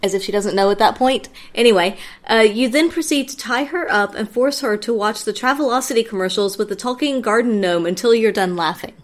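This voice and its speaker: A woman with a somewhat high voice co-hosts a loose, joking podcast chat. She reads entries aloud and breaks into laughter often. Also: a little fast, hardly any pauses. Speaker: podcast co-host. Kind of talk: casual chat.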